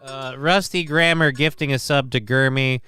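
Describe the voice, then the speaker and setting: A man's voice: medium pitch, fairly even intonation, moderate pace, bright, forceful tone, clear, resonant tone, no room sound. A man streaming live, rambling through casual commentary, swearing and thanking viewers in chat. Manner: rambling, crude, reads out chat names.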